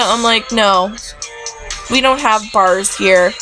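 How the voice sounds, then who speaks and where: A woman's voice: mid-range voice, slow, music in the background. A young woman who works in a store fitting room, ranting casually and sarcastically about customers, with a constant "like". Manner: exasperated, sarcastic, heavy use of "like", acts out customers.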